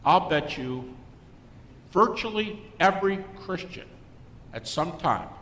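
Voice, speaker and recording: An older man, a guest speaker, giving a Christian apologetics talk to a live audience and acting out the people in his stories. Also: slow. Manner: animated storyteller who acts out quoted people. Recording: echoey hall with faint rumble.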